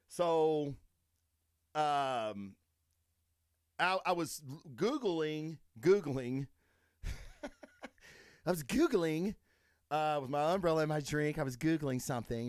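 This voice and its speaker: Brief: crude, swearing Southern man hosting a podcast, animated delivery, dead-dry room. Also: medium pitch, no echo. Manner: rambling, swears a lot, crude joking. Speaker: podcast host. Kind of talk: casual profane chat.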